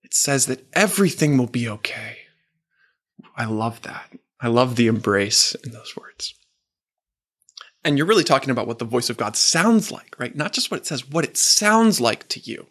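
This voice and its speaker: Guy doing a gentle faith talk to his men's group, earnest, reads their answers back. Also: mid-range voice, animated. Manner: earnest, slows and softens for quoted words. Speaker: men's ministry coach.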